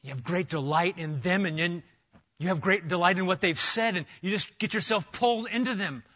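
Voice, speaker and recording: A middle-aged man preaching an expository sermon, emphatic and animated, often restarting his phrases. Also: high-pitched, a little fast, dull audio. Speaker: pastor.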